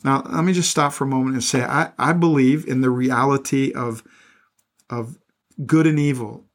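A man's voice: medium pitch, fairly even intonation, moderate pace. A middle-aged male pastor reading scripture aloud and breaking off into plain, earnest commentary, often repeating words as he goes.

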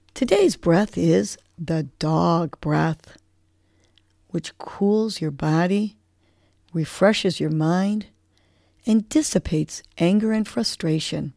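A woman hosting a morning wellness podcast, guiding a breathing exercise and giving motivational words in a slow, soothing way. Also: on the low side, gravelly, dark tone, no echo. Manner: slow, soothing counting, rising to upbeat urging. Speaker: podcast host. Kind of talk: guided breathing and motivational talk.

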